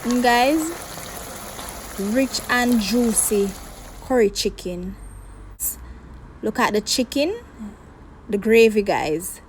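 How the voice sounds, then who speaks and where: In this low-quality recording with a faint hiss or hum, a Jamaican cooking channel host talks viewers through her recipe in a relaxed kitchen demo. Her voice leans high and sounds animated, yet she speaks slowly and leaves long pauses as she chats through each step.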